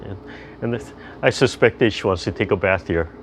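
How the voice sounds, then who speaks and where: Chatty low-voiced older man teaching tai chi. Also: normal speed, slight background noise. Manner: chatty and gentle, rambling with restarts. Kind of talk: casual class instruction on a video call. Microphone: video call.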